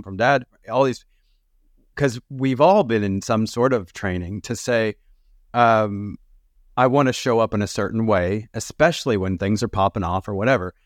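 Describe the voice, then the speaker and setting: A man's voice: lowish voice, no room sound, studio quality. A man talking as a podcast guest, laid-back and chuckling as he speaks. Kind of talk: casual conversation.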